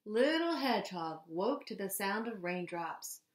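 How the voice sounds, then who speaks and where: A woman reading a children's picture book aloud in a gentle, expressive way. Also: mid-range voice, unhurried, echoey room, background noise. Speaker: storybook reader. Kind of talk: children's story read-aloud.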